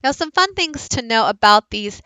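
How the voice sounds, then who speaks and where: A woman giving a recorded teaching presentation, explaining slowly and modelling speech sounds aloud. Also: fairly high pitch, animated, bright, forceful tone, dry recording, rough recording. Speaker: teacher leading a book study.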